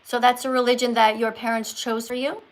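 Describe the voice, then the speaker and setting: A woman's voice: fairly high pitch, flat delivery, fairly quick, noisy background. A woman hosting a livestream with callers, lecturing in a preachy, scolding teacher tone. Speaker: livestream host.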